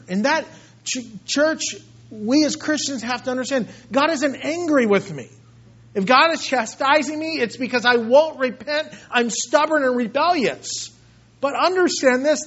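A male pastor delivers a sermon in a strikingly high voice, swinging from quiet, earnest passages to loud, fervent outbursts. The recording is dull and lo-fi. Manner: impassioned, swinging from hushed to loud.

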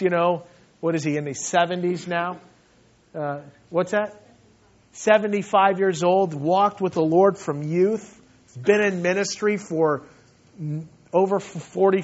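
Animated high-voiced male pastor preaching. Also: lo-fi sound. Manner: animated, laughing, acting out little voices. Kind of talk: sermon.

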